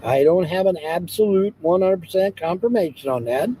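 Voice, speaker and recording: A man's voice: high voice, animated, moderate pace, warm tone, a little hiss or hum, rough recording. A man from Ohio with an Ohio accent, rambling casually and greeting his livestream chat, repeating himself as he goes. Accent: Southwest Ohio. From Hamilton, Ohio, USA. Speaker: livestream host. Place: outdoors beside idling trucks. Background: faint engine idling.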